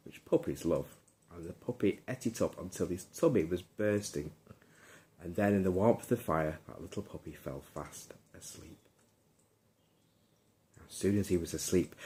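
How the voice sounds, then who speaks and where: A man narrates a bedtime story in a calm, soothing way. His voice is deep and low throughout. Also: slight background noise.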